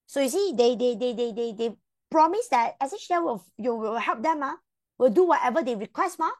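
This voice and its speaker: A woman's voice: fairly high pitch, lively intonation, a little fast, no echo. A woman with a Malaysian English accent giving an exam revision lecture as a history tutor, repeating words and leaning on fillers and particles.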